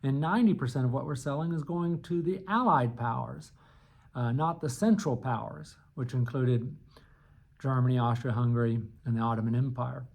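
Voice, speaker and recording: A man's voice: medium pitch, moderate pace, vocal fry, darkish tone. A man teaching a history class in a loose, conversational lecture, with frequent fillers and restarts. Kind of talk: unscripted recorded lecture.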